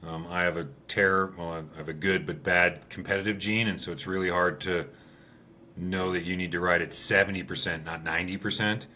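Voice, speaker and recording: A man who races rallies, a podcast guest, telling stories in casual conversation with animated energy. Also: low-pitched, a little fast, a little hiss or hum. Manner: animated storyteller. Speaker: podcast guest, rally racer.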